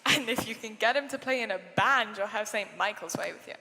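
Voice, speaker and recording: A woman's voice: fairly high pitch, brisk, pushed and bright. A young woman on a school stage playing a chatty, eager Irish mother. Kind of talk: school stage musical acting. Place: school stage in a large hall. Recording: echoey hall, voice from far off.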